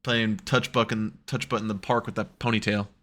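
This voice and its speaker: A man co-hosting a casual wrestling podcast on a headset, swearing freely and often laughing as he acts out quotes in a higher voice. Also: flat delivery, moderate pace, a bit bright. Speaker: podcast co-host. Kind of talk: casual chat.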